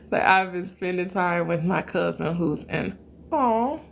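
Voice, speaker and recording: A woman's voice: on the low side, creaky. A woman hosting a casual live-stream, chatting with viewers, greeting them by name and often repeating her phrases. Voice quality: frequent laughter, repeats phrases. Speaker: host.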